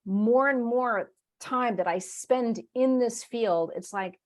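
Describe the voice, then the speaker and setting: In a live online workshop on spiritual topics, a woman talks slowly in a fairly high voice. Her storytelling is warm and chatty, broken up by frequent laughs and by little quoted bits where she plays out her inner voice.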